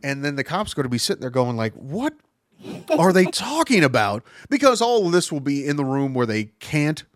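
A man's voice: mid-range voice, very animated, quick pace, clean tone, no room sound, clean studio sound. A man hosting a casual podcast, rambling and swearing, often breaking into giggles. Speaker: podcast host. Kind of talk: casual chat.

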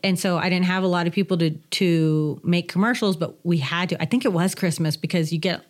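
A woman in her forties, a business owner and guest on a podcast, telling stories in an animated, chatty way with frequent laughs. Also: lowish voice, a little fast. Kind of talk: casual interview storytelling.

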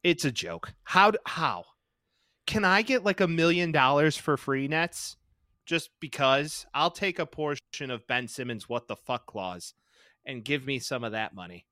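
A man's voice: medium pitch, animated, unhurried, bright, forceful tone, dry recording, studio quality. A young man co-hosting a podcast, ranting heatedly about sports and swearing. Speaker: podcast co-host. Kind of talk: casual sports chat.

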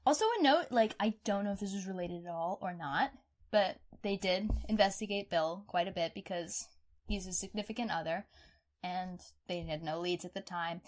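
A young woman co-hosting a podcast, chatting in an expressive, outspoken way and swearing casually. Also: on the low side, moderate pace. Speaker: podcast co-host. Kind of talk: casual true-crime chat.

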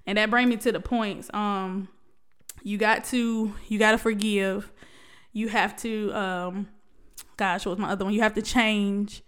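A young woman speaks straight to her viewers in a candid personal talk. Her voice sits at an ordinary middle pitch and sounds smooth and clear. She testifies with feeling, laughs often and stumbles into restarts. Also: steady tone, measured pace, fairly bright tone. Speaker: vlogger sharing a personal story.

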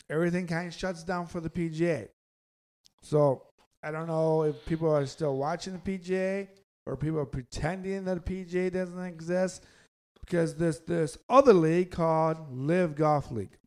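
A man's voice: a little high, darkish tone, clear, resonant tone. Joking man hosting a sports podcast. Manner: joking, loose and rambling. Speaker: podcast host. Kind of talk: casual sports podcast chat.

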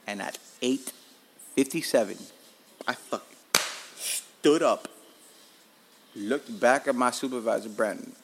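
A man hosts his own podcast from home, spinning personal stories in a loose, animated way with lots of swearing. His mid-range voice has a gravelly, creaky edge. Faint background hum sits under his talk. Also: medium pitch, takes it slowly, pauses often. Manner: animated, profane, laughs at himself. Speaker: podcast host. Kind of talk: casual storytelling podcast.

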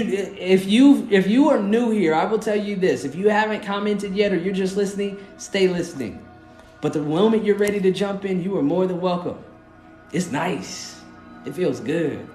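Earnest, rambling male live-stream host with a high voice, heard in a roomy echo with faint music behind. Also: darkish tone. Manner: loose, rambling, often asks "you know what I mean"; earnest, encouraging. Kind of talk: casual live-stream talk.

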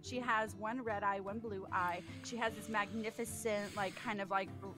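Rambling woman player over loud game music. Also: medium pitch, fairly even intonation, normal speed. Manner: rambling, full of fillers and swearing. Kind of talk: casual tabletop game chat.

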